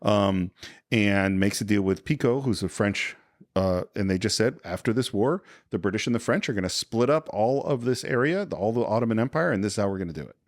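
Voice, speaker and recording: A man with a fairly low voice recounts film scenes in a relaxed podcast chat. He drops into quoted lines and adds history asides, recorded close with a dry, dead sound. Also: fairly quick, no echo. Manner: animated storyteller, acts out quoted lines. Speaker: podcast co-host. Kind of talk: casual film discussion.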